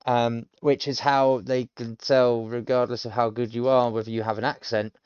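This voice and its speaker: A man's voice: mid-range voice, flat delivery, normal speed, a little mellow, clean tone, no room sound, highs cut off. A British man in his thirties, a self-taught learner casually thinking aloud and explaining pronunciation, rambling with many ums. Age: 30s. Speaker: language learner streamer. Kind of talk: casual self-study commentary.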